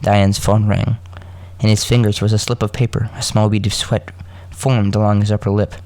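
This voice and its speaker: Male podcast host reading a story, low voice, dry close sound, stumbles and self-corrects. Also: flat delivery, darkish tone, no room sound. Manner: halting, self-correcting, joking asides between coughs. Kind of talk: casual story reading with asides.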